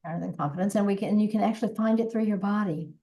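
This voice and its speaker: This is a voice coach in her sixties, appearing as a podcast guest in a conversational interview. Her mid-range voice has a warm tone and comes out rapid-fire as she talks earnestly and reflectively, often starting her sentences over.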